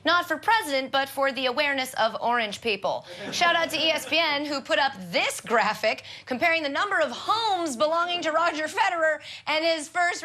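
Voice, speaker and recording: Sarcastic lady host doing sports jokes, voice jumps all over, giggles at herself. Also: high voice. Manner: sarcastic, joking, laughs at her own jokes. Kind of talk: comedic sports segment hosting.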